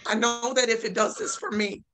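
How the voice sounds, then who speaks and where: A bright-toned woman on a casual panel chat. She speaks with heartfelt emotion, close to tears as she thanks everyone. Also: fairly high pitch, fairly even intonation, fairly quick.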